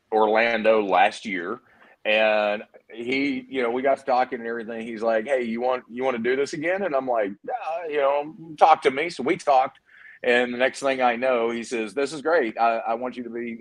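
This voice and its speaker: A middle-aged man from Texas, a guest on a video-call chat show, telling stories in a hammy, animated way and acting out what others said. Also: mid-range voice. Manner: animated storyteller, hammy, acts out quotes. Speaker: guest, PDR trainer. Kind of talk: casual chat.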